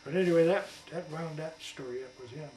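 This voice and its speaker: A man's voice: fairly high pitch, a little fast, dark tone, roomy sound, recorded from a distance, slight background noise, low-quality recording. An older man from Iowa, a veteran, tells rambling wartime stories at home in a folksy way, with many restarts and small acted-out voices. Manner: folksy, restarts often, acts out voices in his anecdotes. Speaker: veteran interviewee. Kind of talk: rambling oral-history storytelling. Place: his home, in a room.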